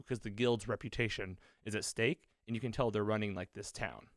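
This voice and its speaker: A man talks in a loose, rambling way, full of fillers, as he retells a story on a podcast. His voice sits on the low side. The sound is dry and close, with no room echo. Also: fairly even intonation, brisk. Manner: loose, rambling, with many fillers and quoted lines. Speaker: podcast co-host. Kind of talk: casual chat, retelling a TV episode. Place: podcast studio.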